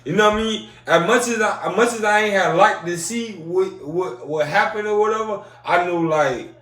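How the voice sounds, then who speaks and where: A man's voice: sits high, a bit bright. A man, a podcast guest, chatting casually, laughing as he talks and swearing. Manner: laughs while talking, quick reactions, profane. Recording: roomy sound from a distant mic.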